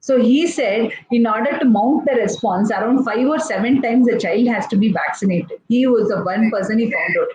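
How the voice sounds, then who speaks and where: A woman's voice: on the high side, normal speed, few pauses, a little mellow. Indian woman doctor in an echoey room. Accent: Indian English. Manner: explains step by step, with many uh's and restarts. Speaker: pediatrician. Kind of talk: explanatory talk in a live chat. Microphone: live online session. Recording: echoey, dull lo-fi sound with faint noise.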